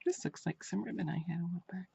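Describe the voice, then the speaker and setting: A woman's voice: on the low side, fast talker, creaky, warm tone, a little hiss or hum. A woman vlogger chatting casually while unboxing crafts, gushing and repeating her praise. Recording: dull lo-fi home recording.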